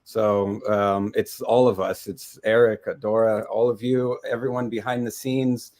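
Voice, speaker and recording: A man co-hosting an online summit on a video call, earnest and halting, with frequent restarts. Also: on the low side, little pitch movement, darkish tone. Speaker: co-host. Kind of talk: casual livestream talk.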